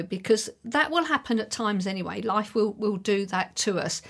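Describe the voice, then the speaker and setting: A woman's voice: medium pitch, gravelly. A middle-aged woman hosting her own podcast, talking alone to listeners in a chatty, reassuring and encouraging way. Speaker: podcast host. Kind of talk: solo podcast monologue.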